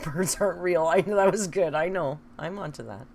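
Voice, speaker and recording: A woman's voice: lowish voice, a little fast, creaky, few pauses, noisy background. A woman chatting casually on a live stream, reading viewer comments aloud and laughing often.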